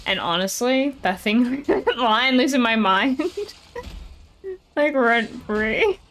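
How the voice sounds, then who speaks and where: A woman's voice: on the high side, lively intonation, slow, rough recording. Chatty woman streamer reacting to gameplay. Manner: chatty, reacting out loud to the game and laughing easily. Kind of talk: casual gameplay commentary.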